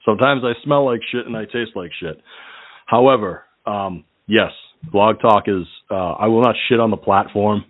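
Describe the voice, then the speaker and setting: A man's voice: on the low side, normal speed, dry recording. A man hosting a casual call-in radio show, rambling through crude jokes and laughing often. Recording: tinny phone-like line.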